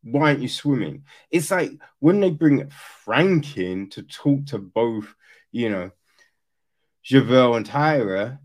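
A man giving a casual, animated critique of a film, swearing now and then and acting out quoted lines. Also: mid-range voice, slow. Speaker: reviewer.

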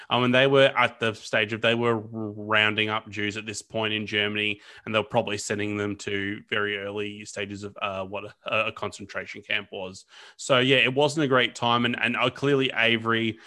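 A man's voice: lowish voice, bright, forceful tone. A man co-hosting a casual history podcast, chatting loosely with plenty of fillers and restarts. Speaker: podcast co-host.

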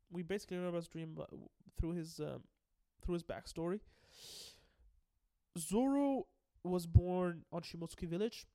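Excitable high-voiced man recapping anime. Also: no echo, studio quality. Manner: excitable, profane, laughs often; rambling with many restarts and fillers. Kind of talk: casual anime episode recap.

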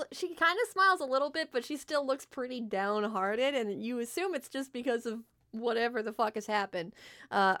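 A woman's voice: fairly high pitch, a bit bright. A woman narrating as game master in a casual, filler-heavy way, with occasional swearing.

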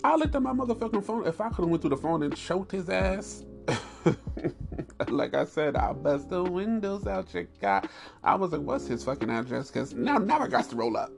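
Gravelly man ranting on a podcast. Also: moderate pace, music in the background. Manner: animated, profane storytelling with high squeals and laughs. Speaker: podcast host. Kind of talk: candid podcast monologue.

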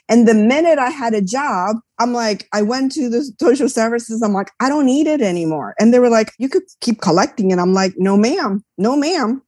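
A woman's voice: mid-range voice, no echo, studio quality. A woman in her fifties, a business founder and military veteran, telling personal stories emphatically as a podcast guest. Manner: emphatic, animated personal storytelling. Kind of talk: podcast interview.

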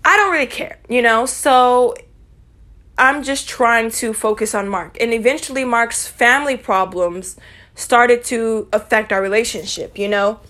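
A young woman rambling through a storytime vlog, swearing freely and brushing things off with dismissive asides. Her voice sits a little higher than most women's. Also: a little slow, bright, forceful tone. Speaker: vlogger.

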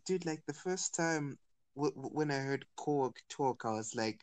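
A man with a South African accent co-hosting a podcast, excitable, stammering and repeating himself in casual chat. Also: mid-range voice, a little slow, no room sound. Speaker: podcast co-host.

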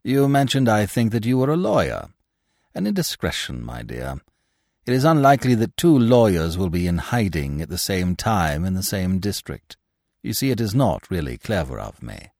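A man doing a big, wily old-school theatre manager in an audiobook, all leering bluster and wheedling, the voice rolling up and down with plenty of swing, deep and close with no room echo around it. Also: very animated, normal speed, creaky, a little mellow, exaggerated voice. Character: heavy, powerful, cunning middle-aged male theatre manager.

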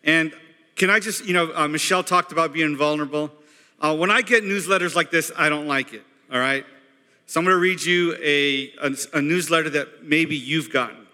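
A man's voice: fairly high pitch, moderate pace, sharp tone. A man preaching a sermon as pastor, chatty and self-deprecating. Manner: chatty, self-deprecating, quotes movie lines. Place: church hall. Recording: reverberant church hall.

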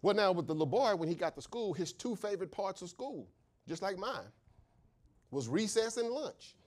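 A man preaching a sermon, impassioned and shouting at the peaks, asking questions and answering them himself, and telling stories with acted voices. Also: high-pitched, big pitch swings, normal speed. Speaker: pastor.

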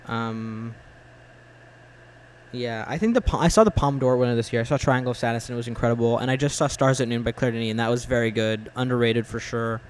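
A man's voice: medium pitch, low-quality recording. Guy in his 20s, casual blunt chat, lots of likes and uhs, faint hiss behind. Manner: halting, full of "like" and "uh", blunt opinions. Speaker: film fan in conversation.

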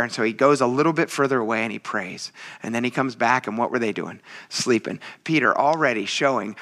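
A man's voice: mid-range voice, fairly quick, fairly bright tone. A man preaching a casual sermon in a chatty, teasing, self-mocking way. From military veteran. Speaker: pastor.

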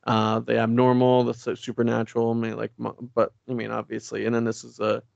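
A man's voice: mid-range voice, monotone, brisk, vocal fry, darkish tone, no echo, muffled recording. A man co-hosting a casual podcast chat, recapping a comic and reading its dialogue aloud with many fillers. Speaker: podcast co-host.

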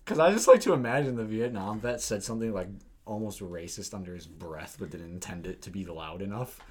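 A young man with a husky, somewhat low voice, chatting as a podcast co-host. He tells stories with lots of swearing and laughter, drifting between loud and mumbled asides. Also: fairly quick. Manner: swears a lot, laughs often, animated storytelling. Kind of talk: casual chat.

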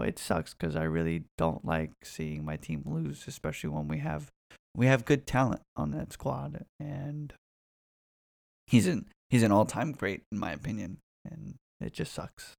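A man's voice: mid-range voice, big pitch swings, a little slow, creaky, darkish tone, dry recording, clean studio sound. A man in his twenties rambling casually and profanely on his own, with frequent restarts. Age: 20s. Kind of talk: casual solo rant.

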